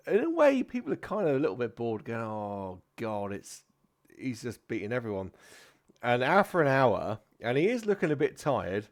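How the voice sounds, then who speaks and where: A man narrating as game master of a tabletop game, rambling with fillers and self-corrections. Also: fairly low pitch.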